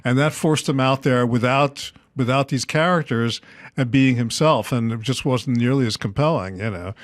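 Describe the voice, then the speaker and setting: A man's voice: medium pitch, normal speed, no room sound. An older man, a writer and director, talking as a guest in thoughtful, searching, reflective interview chat. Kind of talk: casual interview talk.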